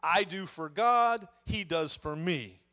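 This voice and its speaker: A man's voice: high-pitched, slow pace, bright, forceful tone. A man preaching a sermon, telling a scripture story and swelling then dropping his voice for emphasis. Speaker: pastor.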